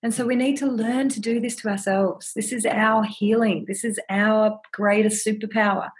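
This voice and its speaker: Breathy woman, gentle and earnest. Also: on the high side, fairly even intonation, moderate pace. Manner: earnest, gentle, repeats words as she thinks. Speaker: podcast guest, ceremony holder. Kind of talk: reflective conversational sharing.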